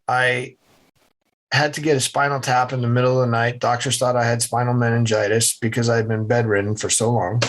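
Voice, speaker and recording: A middle-aged man from central Massachusetts, a podcast guest telling his story with animated, acted-out voices. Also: mid-range voice, fairly quick. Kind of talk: storytelling interview answers.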